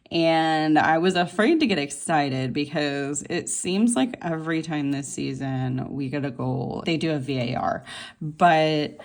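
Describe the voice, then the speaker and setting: Low-voiced, rambling woman vlogger. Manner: chatty and rambling, with many fillers and laughs; gushing, voice jumps high when excited. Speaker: planner vlogger. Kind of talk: casual chat while planning.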